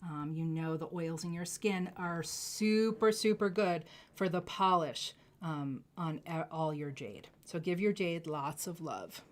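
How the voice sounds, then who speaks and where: A woman hosting a live jewelry sales stream, gushing effusively over each piece and dropping into soft asides. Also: sits low, measured pace, hardly any pauses. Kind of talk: live shopping stream presentation.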